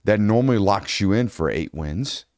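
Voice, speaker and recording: A man hosting a casual sports talk show, energetic and quick in banter. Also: lowish voice, dry recording, studio quality. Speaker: show host.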